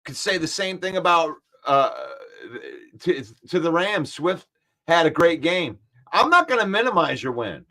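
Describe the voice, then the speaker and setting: On this casual football live stream, the male host speaks unhurriedly with a voice on the high side. He works through viewer comments aloud, defending his views with animated, firm rebuttals.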